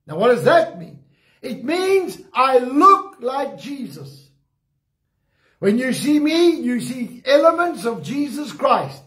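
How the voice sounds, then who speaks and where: South African pastor, Eastern Cape accent, emphatic sermon delivery, echoey room. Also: male voice, very high-pitched, a bit bright. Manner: emphatic, slows and stresses key phrases. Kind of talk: sermon with communion.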